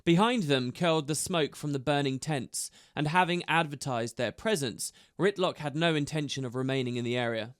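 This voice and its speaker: A man narrating an audiobook in a steady storytelling manner. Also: a little high, normal speed, hardly any pauses, clear, resonant tone, no echo, studio quality.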